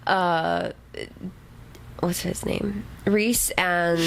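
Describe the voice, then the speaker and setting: Laid-back woman, low and gravelly. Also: very slow, rough recording. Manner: casual and profane, with frequent agreeing fillers. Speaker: podcast co-host. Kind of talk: casual book discussion.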